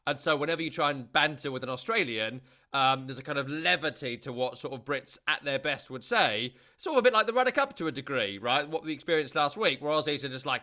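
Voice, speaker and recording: Chatty British man, bright voice. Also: mid-range voice. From Britain. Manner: chatty, rambling, many fillers. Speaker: podcast co-host. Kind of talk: casual football chat.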